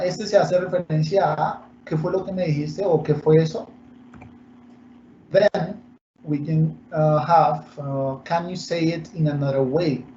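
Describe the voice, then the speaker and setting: A male English teacher whose first language is Spanish speaks in a fairly high, warm voice, explaining slowly and switching between English and Spanish during a bilingual online English lesson. The recording is echoey and muffled, with slight background noise.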